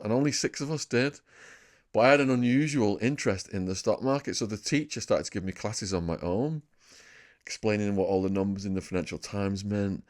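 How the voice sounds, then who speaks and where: A man in his fifties from England with a northern English accent, a podcast guest telling lively anecdotes about his life in a casual interview. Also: fairly low pitch. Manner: lively anecdotal storyteller, laughs at his own tales.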